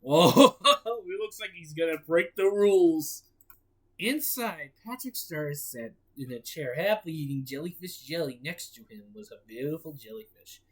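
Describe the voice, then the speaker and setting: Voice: medium pitch, animated, normal speed. A playful storyteller reading a cartoon story aloud, rambling and giggling between lines.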